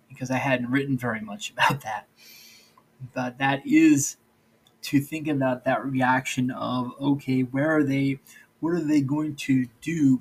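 Husky man hosting a rambling podcast. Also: medium pitch, low-quality recording. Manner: rambling, loose, with many restarts and "all right, so". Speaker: podcast host. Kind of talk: solo podcast monologue.

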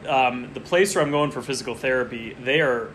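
A podcast co-host with a medium-pitched, fairly bright voice talks briskly over a little hiss or hum. He rambles casually through a fantasy football draft, chatty and easily distracted.

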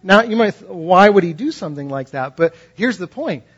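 A man with a slightly high, husky voice delivers a conversational sermon, slipping into quoted voices and rising in pitch as his point builds. The recording is dull and lo-fi. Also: lively intonation, brisk. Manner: conversational, acts out quoted voices, rises in pitch when impassioned. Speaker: pastor.

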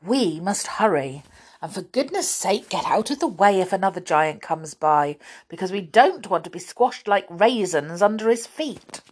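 A woman as bossy sensible little man, firm, brisk, storybook reading. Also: medium pitch, expressive, slightly rough. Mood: urging.

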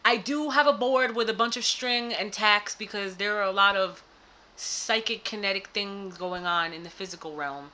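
A woman co-hosting a casual spiritual podcast, talking in an animated way that swings into loud laughing outbursts. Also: mid-range voice, moderate pace. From United States. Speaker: podcast co-host and spiritual advisor. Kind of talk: casual chat.

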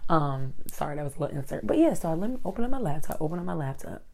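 A woman with a low, mellow voice talks straight to her viewers in a casual rant. She tells her story in an animated way, acts out the people in it and keeps turning to the audience with asides. She speaks into a handheld mic. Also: rapid-fire, creaky.

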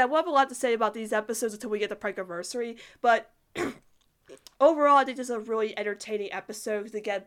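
Chatty woman reviewing a cartoon episode. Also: on the high side. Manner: chatty, heavy use of "like", frequent restarts; enthusiastic, breaks into laughter. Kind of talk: casual spoken episode review.

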